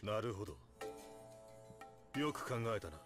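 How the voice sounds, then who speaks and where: An actor voicing a calm, authoritative male military commander in a game, measured and commanding. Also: on the low side. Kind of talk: Japanese anime game voice acting. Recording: game audio under loud music.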